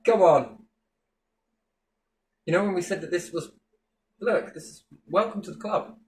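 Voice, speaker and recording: A man's voice: sits high, measured pace. Sarcastic, sweary man ranting. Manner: mocking, sweary, with big sarcastic swings in tone. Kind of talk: sarcastic monologue rant.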